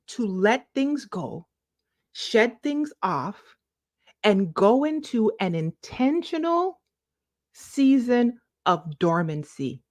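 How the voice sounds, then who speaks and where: This lifestyle vlogger has a mid-range, darkish voice, captured in a dry, studio-quality recording. Talking casually to camera in a preachy, motivational way, she affectionately addresses viewers as "boo-boo" and elongates words to stress them.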